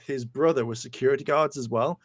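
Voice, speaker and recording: A man's voice: medium pitch, a little fast, dry recording. A British man co-hosting a podcast, telling casual anecdotes and doing voices for the people in them. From United Kingdom. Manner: animated storyteller doing voices. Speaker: podcast co-host. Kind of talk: casual storytelling.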